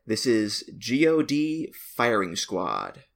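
A man's voice: on the low side, slow, creaky. Enthusiastic male podcast host. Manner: enthusiastic, animated storytelling. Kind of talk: casual podcast chat.

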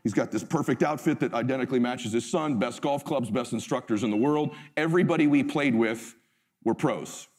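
A man's voice: mid-range voice, fairly quick, a little mellow, long reverb tail. A middle-aged man giving a motivational talk. He tells the story intensely and emphatically, and he swears freely. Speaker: motivational speaker.

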